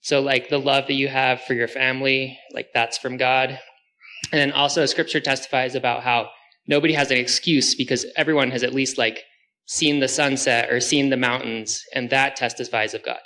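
Bright, enthusiastic young-sounding man. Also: mid-range voice, flat delivery, moderate pace, low-quality recording. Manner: enthusiastic, many "like" fillers. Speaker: group member sharing. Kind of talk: casual faith discussion.

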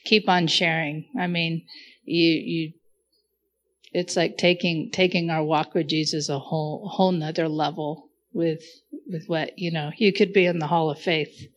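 A woman in an online faith group speaking a soft, reverent, heartfelt tribute. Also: low voice, steady tone, measured pace, muffled recording.

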